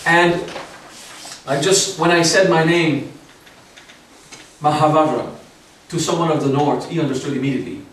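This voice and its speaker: A man's voice: on the high side, brisk, a bit bright. A man teaching a seminar, explaining patiently with frequent check-ins to his audience and light joking asides. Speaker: spiritual teacher. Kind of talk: seminar lecture. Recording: very echoey room, distant mic, faint hiss.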